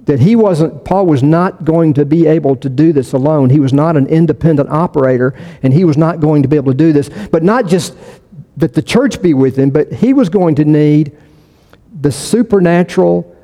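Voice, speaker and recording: Mellow-voiced male pastor in a reverberant hall. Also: a little high, moderate pace. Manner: conversational, with frequent restarts and repetition for emphasis. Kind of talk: sermon.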